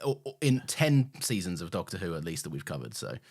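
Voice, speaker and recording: A man's voice: deep voice, very animated, brisk, darkish tone. A man co-hosting a podcast in casual chat, laughing often and swearing freely as he rambles. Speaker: podcast co-host.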